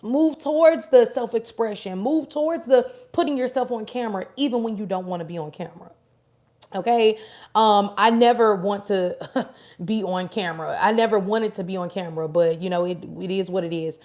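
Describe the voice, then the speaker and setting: A woman's voice: medium pitch, normal speed. A woman giving a live-stream tarot reading, chatting casually and affectionately with viewers by name and answering their questions. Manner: chatty, warm, affirming, addresses viewers directly. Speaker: tarot reader.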